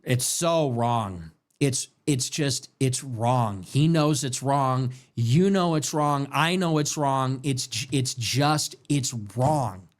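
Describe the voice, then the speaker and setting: A man hosting a late-night livestream commentary show, ranting in a heated, animated way and repeating himself with restarts as he works himself up. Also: mid-range voice, slow, hardly any pauses. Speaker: show host.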